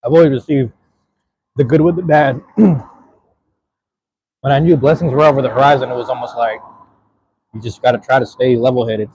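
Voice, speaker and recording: A man's voice: medium pitch, fairly even intonation, normal speed, long pauses, a little mellow, husky. A man chatting casually to his live-stream audience while eating, laid-back and slangy, talking to viewers in the chat.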